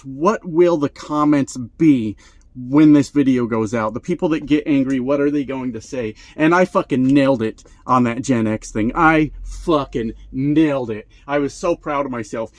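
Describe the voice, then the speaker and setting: Profane sarcastic trucker ranting. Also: male voice, fairly high pitch, dry recording. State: short of breath. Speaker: truck driver vlogger. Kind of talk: comedic rant to camera.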